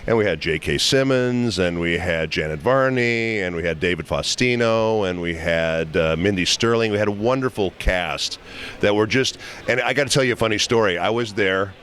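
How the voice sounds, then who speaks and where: Low-voiced chatty male voice actor. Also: moderate pace, a bit bright. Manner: chatty, enthusiastic, many restarts and fillers. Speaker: voice actor guest. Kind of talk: convention interview, anecdotal storytelling. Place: convention venue. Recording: faint background noise.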